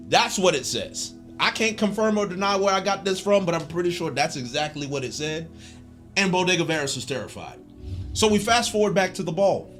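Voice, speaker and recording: A man giving a casual commentary recap as a video essayist, animated and joking, with a slangy way of talking. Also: a little high.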